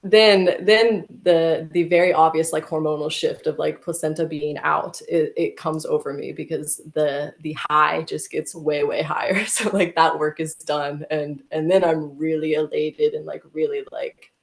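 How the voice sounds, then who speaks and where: A low-voiced American woman with a gravelly fry tells a personal story as a podcast guest. She talks vividly and emotionally, leaning on "like" as she goes. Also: steady tone, measured pace, hardly any pauses. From United States.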